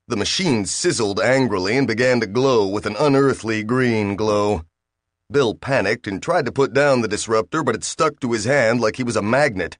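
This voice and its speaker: Male audiobook narrator, low, steady read, dry close sound. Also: normal speed, no echo. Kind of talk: scripted narration.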